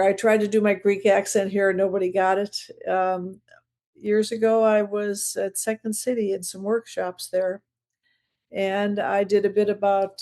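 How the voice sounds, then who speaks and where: A comedian in her seventies from the Chicago area is an interview guest, chatting casually and telling rambling, self-deprecating stories. Her mid-range voice is gravelly and warm, with a level tone at normal speed.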